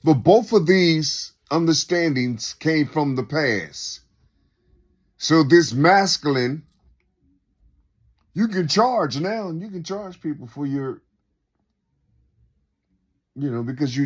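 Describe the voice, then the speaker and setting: Slow, lively high-voiced man musing aloud. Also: breathy edge. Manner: rhetorical questions, repeats himself; unscripted, loose and conversational. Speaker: speaker sharing reflections. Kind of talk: rambling spoken monologue.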